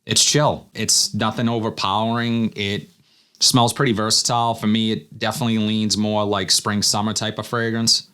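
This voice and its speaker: Low-voiced man reviewing fragrances casually. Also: moderate pace, clean tone. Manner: relaxed, thinking aloud while smelling. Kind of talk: casual first-impressions review.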